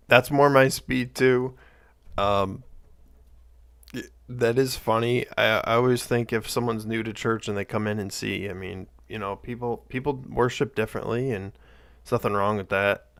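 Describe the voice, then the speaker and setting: A male host commenting on a played clip in a casual, reflective way with soft-spoken asides. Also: lowish voice, fairly even intonation, a little slow, long pauses, clear, resonant tone.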